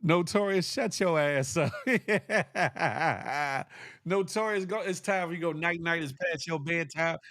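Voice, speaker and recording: A man's voice: on the high side, measured pace, a bit bright, no room sound, clean studio sound. A man hosting a casual livestream, reading the chat aloud and teasing viewers with a playful, laughing manner.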